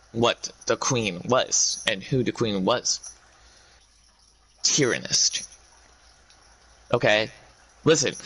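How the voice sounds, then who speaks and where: A man speaking to his viewers in a rambling monologue, ranting in a halting way with many restarts. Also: medium pitch, fairly bright tone, rough recording.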